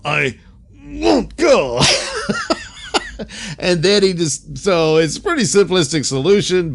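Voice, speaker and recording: Chatty man reviewing an old episode. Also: mid-range voice. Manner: chatty, laughs often, many fillers, quick voice impressions. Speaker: reviewer, host.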